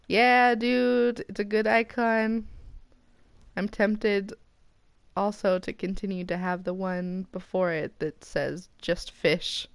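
An American woman streaming a game, chatting casually and getting excited as she opens loot boxes. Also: medium pitch, takes it slowly, gravelly, clear, resonant tone, dry recording. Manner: excitable and chatty, squealing at rare items. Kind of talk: casual commentary while opening loot boxes.

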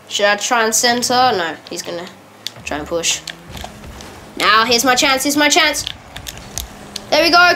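A woman giving casual, excitable gameplay commentary, correcting herself quickly and laughing often. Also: mid-range voice, slight background noise. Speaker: gamer.

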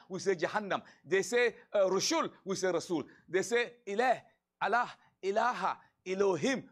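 A man preaching a sermon in a high voice that swings widely in pitch. He talks in an animated way, firing rhetorical questions and repeating his points. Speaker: imam.

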